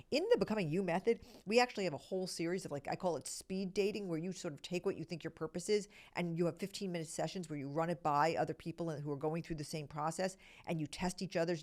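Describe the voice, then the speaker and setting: A middle-aged woman hosting a podcast, explaining a self-discovery method in an earnest, conversational teaching manner, often checking in with "okay?" and dropping into soft whispered asides. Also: lowish voice.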